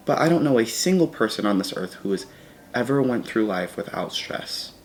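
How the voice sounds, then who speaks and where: A man's voice: mid-range voice, expressive, moderate pace, slight background noise. A man talking to camera in a casual, reflective vlog, rambling and correcting himself as he goes. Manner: rambling, self-correcting, earnest. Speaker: vlogger.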